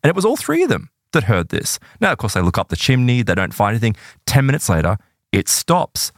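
A man telling an eerie true story in a casual podcast chat, animated and full of "right?" and "like". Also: medium pitch, fairly quick, dry recording, studio quality.

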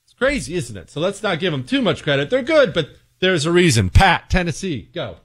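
A man's voice: very animated, a little fast, dry recording, studio quality. A man hosting a call-in radio talk show, brash and mocking in manner. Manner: brash, mocking, swings pitch wildly for effect.

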